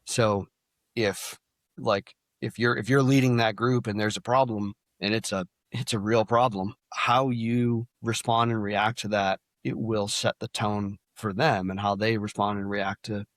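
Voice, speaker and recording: A man's voice: fairly low pitch, fairly even intonation, a little slow, a bit bright, dry recording. A man speaking as a podcast guest in a casual, plain-spoken way, with many restarts. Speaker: guest, sales company leader. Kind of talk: podcast interview.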